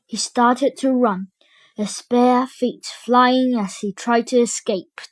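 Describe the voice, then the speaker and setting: A woman reading a children's storybook aloud, slowly and expressively. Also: a little high, dry recording. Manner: slow, careful, expressive reading. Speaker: storybook reader.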